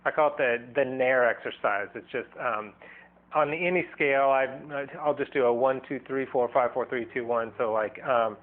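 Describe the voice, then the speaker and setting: A man's voice: medium pitch, normal speed. A man giving a casual singing lesson, loose and rambling, often restarting sentences and demonstrating sounds as he explains. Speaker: singing teacher. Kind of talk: casual vocal lesson video. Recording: thin, phone-like band.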